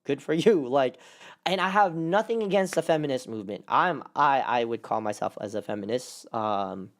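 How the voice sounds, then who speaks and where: A man co-hosting a casual podcast chat, talking in an animated, rambling way with lots of fillers. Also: mid-range voice, normal speed. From California. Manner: animated, rambling with many fillers and quoted put-on voices. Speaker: podcast co-host.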